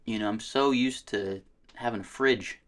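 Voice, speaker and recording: Casual podcast co-host, male, low-pitched, loose storyteller who swears freely. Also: moderate pace. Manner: laid-back, swears a lot, animated storytelling. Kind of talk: casual chat.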